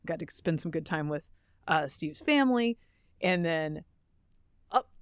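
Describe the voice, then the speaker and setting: Chatty woman with a low, dry voice. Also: lively intonation, a little slow, smooth, no room sound. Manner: chatty storyteller, laughs easily, self-correcting. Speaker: podcast co-host. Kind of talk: casual chat.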